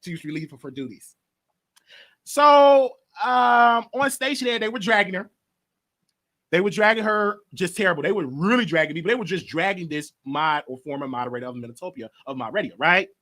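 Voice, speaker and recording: On his own gossip show, a man recaps for viewers what he overheard, rambling and circling back over the same points. His voice is high-pitched, bright and pushed, and he talks fairly quickly in a casual, gossipy way.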